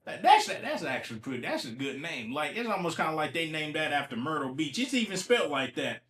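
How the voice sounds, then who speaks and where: In an echoey room, a slightly high-voiced man speaks very animatedly and a little fast, with few pauses and a fairly bright tone. He's an Ohio podcast host, a little sick, chatting loosely on his solo show, repeating himself and answering back to news headlines.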